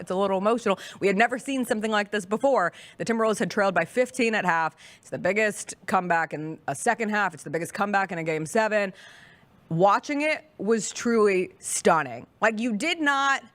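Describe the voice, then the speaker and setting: A woman's voice: on the high side, a bit bright. Emphatic woman sports show host. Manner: emphatic, dramatic pauses. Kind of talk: casual sports talk.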